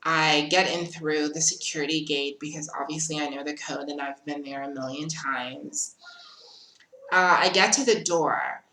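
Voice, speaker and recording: Low, bright-toned woman in a roomy space. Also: moderate pace, slight background noise. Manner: animated retelling, acting out the other people's lines. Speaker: vlogger. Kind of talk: personal storytelling vlog. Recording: roomy, echoey room.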